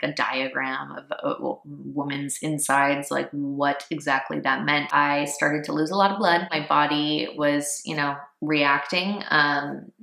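A woman's voice: low voice, vocal fry, pushed and bright. A woman in her thirties telling a personal story in a casual vlog, chatty and emotional, laughing often. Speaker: vlogger. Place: home room, indoors. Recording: echoey room.

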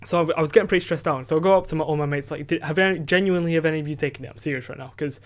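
Fast-rambling teenage boy. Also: on the high side. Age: teens. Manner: rambling, many fillers and restarts, swears freely. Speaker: podcast host. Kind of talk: casual storytelling. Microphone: desk microphone.

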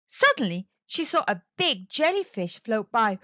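Storyteller: woman reading aloud to kids, high and very animated, unhurried, dull dry sound. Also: no room sound. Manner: expressive, sing-song, speaking to kids. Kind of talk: children's read-aloud narration.

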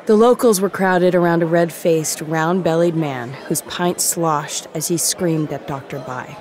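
A narrator reading a story aloud in a steady, even manner. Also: medium pitch, measured pace, crowd noise. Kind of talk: audiobook narration.

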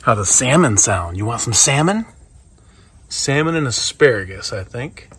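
Gravelly man coaxing his dogs. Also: mid-range voice, animated, moderate pace, fairly bright tone. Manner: coaxing, affectionate, sing-song to the dogs. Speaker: dog vlogger. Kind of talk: casual talk to his dogs. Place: outdoors in a yard, then indoors.

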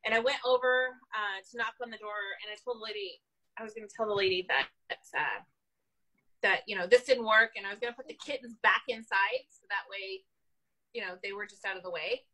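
A woman, an animal control officer, telling a story from her work in an animated, casual way, laughing often. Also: medium pitch, fairly quick, low-quality recording.

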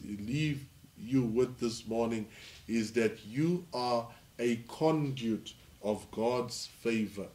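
A male pastor from South Africa preaching a sermon, reading scripture slowly and then rising to emphatic delivery. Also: mid-range voice, a little mellow.

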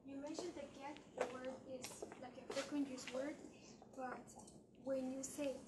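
A woman's voice: high voice, flat delivery, measured pace, crowd noise. A woman student asking a question in class, hesitant and searching for words, picked up faintly by a distant mic.

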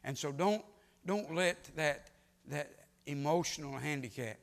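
A man preaching a sermon in a church, swinging from quiet storytelling to sudden loud, emphatic rises. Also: fairly high pitch, unhurried, gravelly. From United States. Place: church sanctuary. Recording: long church reverb.

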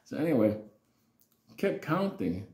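A man's voice: mid-range voice, very animated, measured pace, darkish tone. A man telling a childhood story in a casual, rambling, profane way with lots of fillers. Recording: roomy echo.

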